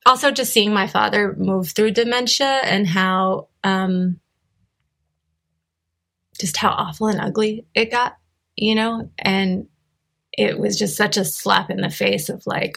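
A middle-aged woman reflects aloud as a conversation guest, pausing often and restarting her sentences. Her voice is thick with gravelly fry, sitting at an ordinary middle pitch for a woman. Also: steady tone, a bit bright. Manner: thoughtful, hesitant, many fillers and restarts.

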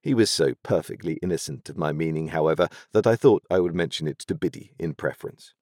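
A man reading a classic novel aloud as an audiobook narrator, in expressive, measured storytelling. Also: very deep voice, dry recording, clean studio sound.

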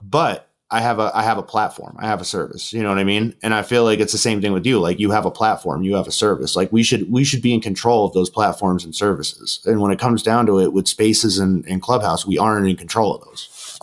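A man hosting a podcast, telling stories in a rambling, casual way with many restarts and fillers, and getting animated when he quotes others. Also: fairly low pitch, brisk. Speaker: podcast host. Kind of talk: casual storytelling chat.

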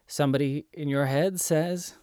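A man's voice: fairly high pitch, steady tone, moderate pace, darkish tone, clean tone, no echo, studio quality. A man giving earnest, emphatic self-help instruction in a coaching tone. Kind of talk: motivational instruction.

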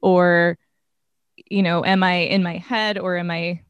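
A woman's voice: lowish voice, flat delivery, measured pace, clear, resonant tone, no echo, dull audio. A woman in a casual faith conversation, talking reflectively with many "you know" fillers.

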